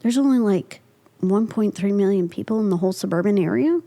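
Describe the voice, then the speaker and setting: A middle-aged woman from Ohio, an artist and professor, telling a story in casual conversation and acting out the dialogue. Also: fairly quick. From Ohio, USA. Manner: animated storyteller, acting out dialogue with pitch jumps. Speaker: artist and art professor, guest.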